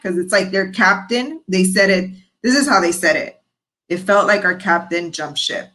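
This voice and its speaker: Frank, expressive woman guest, low-ish voice. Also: moderate pace, poor audio. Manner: frank and expressive, acts out quoted voices, swears casually. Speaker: podcast guest. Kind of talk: candid storytelling interview.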